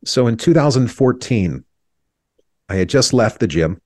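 A man's voice: medium pitch, expressive, unhurried, a little mellow, no echo, studio quality. A man in his thirties, an interview guest, telling a painful personal story in an earnest, reflective way, his voice sometimes breaking with emotion.

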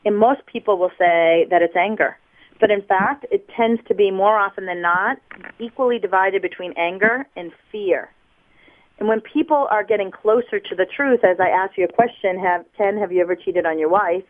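A woman from the United States, a body language expert, explaining on a radio show in a lively teaching tone over the phone. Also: mid-range voice, normal speed. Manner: lively teaching tone, acts out examples. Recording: tinny phone line.

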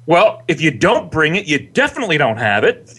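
Animated, lively-voiced sports co-host man. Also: a little high, a little fast, breathy edge. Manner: animated, argumentative, reasons through points aloud. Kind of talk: casual sports debate.

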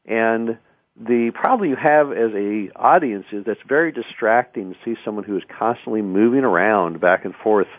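A man with a low voice talks through public speaking advice in a loose, conversational way, often repeating words as he restarts. The sound is dry and narrow, like a tinny radio broadcast. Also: no echo. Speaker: radio talk show host.

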